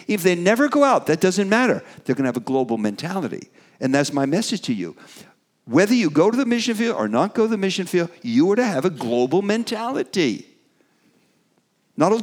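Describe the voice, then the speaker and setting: A middle-aged man delivers a sermon in an animated way, his pitch swinging widely and sitting a little high for a man. He builds to emphatic peaks on key words, then drops back and trails off with fillers. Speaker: preacher.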